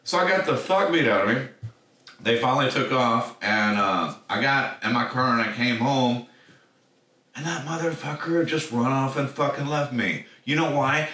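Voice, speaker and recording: A man with a bright, forceful voice rambles through a monologue, blunt and swearing in nearly every line. He sits back from the mic in a roomy, echoing space. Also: mid-range voice, normal speed. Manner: profane, blunt, swears constantly. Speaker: podcast host. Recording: echoey room, distant mic.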